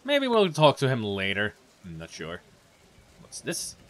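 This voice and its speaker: A man's voice: medium pitch, wildly swooping pitch, measured pace, fairly bright tone. A man from Finland, a let's play host giving chatty, rambling gameplay commentary.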